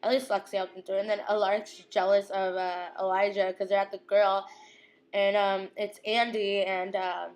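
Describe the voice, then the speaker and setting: A young woman casually recapping a TV episode, gushing, giggling and quoting characters in quick impressions. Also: mid-range voice, little pitch movement, darkish tone.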